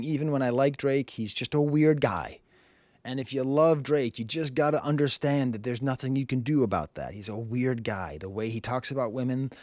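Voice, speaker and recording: A man's voice: mid-range voice, darkish tone, no echo. A man from Boston hosting a music review show, talking in a rambling way full of "you know" and "uh". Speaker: music review show host, French professor. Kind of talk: casual video commentary.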